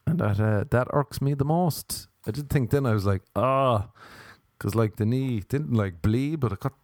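A man's voice: medium pitch, normal speed, mellow, no echo. A man with an Irish accent telling a rambling comic rant, swearing freely and mocking people. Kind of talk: casual comedic rant.

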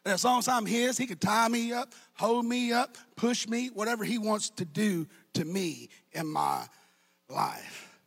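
High, raspy pastor preaching in bursts. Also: male voice, unhurried. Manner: shouting, sing-song preaching cadence. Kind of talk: sermon.

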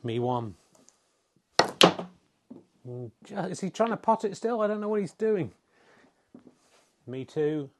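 A man's voice: fairly high pitch, big pitch swings, slow pace, pauses often, a little mellow. A middle-aged man giving wry, self-mocking mock sports commentary, swearing in mock exasperation at the play. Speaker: comedy snooker commentator.

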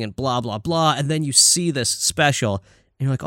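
A man's voice: mid-range voice, a little slow, smooth, no echo, clean studio sound. Profane, chatty man co-hosting a podcast. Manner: profane, animated storytelling. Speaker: podcast co-host. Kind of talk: casual chat.

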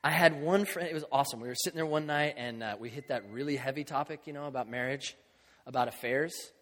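A man's voice: medium pitch, fast talker, fairly bright tone. A middle-aged man preaching a conversational sermon, acting out the voices of people in his stories. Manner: conversational, acts out quoted voices. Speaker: pastor. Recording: long hall reverb.

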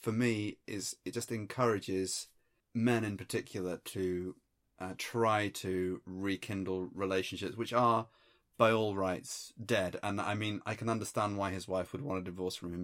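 A man co-hosting a comedy podcast, delivering rambling, mock-serious musings in a deadpan way. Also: deep voice. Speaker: podcast co-host. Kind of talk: improvised comedy podcast banter.

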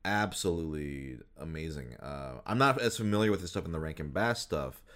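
Very deep-voiced man chatting casually. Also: expressive, fairly quick, fairly bright tone. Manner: rambling, many fillers and restarts. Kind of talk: casual chat about voice actors.

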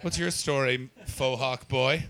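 A man's voice: mid-range voice, fairly even intonation, a little slow, a bit bright. A man doing stand-up crowd work, brash, profane and teasing. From Canada. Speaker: stand-up comedian.

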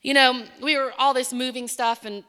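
A woman delivers a sermon in a church, her voice pitched a little high and ringing bright. She swings between soft, near-whispered stretches and rising, emphatic declarations. A long reverb trails every phrase through the hall. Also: fairly even intonation, normal speed. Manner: impassioned, swings from hushed to emphatic. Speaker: preacher. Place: church sanctuary.

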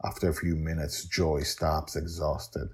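A man narrating his own serialized storybook podcast, with animated, rambling asides to listeners. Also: very deep voice, unhurried, slightly rough. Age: older. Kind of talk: storybook narration and casual chat.

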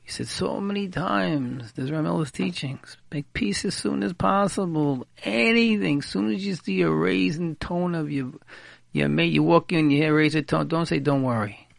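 Male radio advice speaker, very gravelly, repeats words for emphasis, peppers in Hebrew and Yiddish, dry close sound. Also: fairly high pitch, moderate pace, no echo. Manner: mixes in Hebrew and Yiddish terms. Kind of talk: informal advice talk.

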